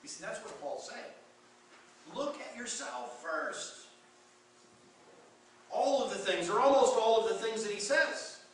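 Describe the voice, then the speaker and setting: A man's voice: high-pitched, fairly bright tone, heavy reverb. A man preaching a sermon as pastor, emphatic, rising and falling in intensity, recorded from a distance in a church sanctuary.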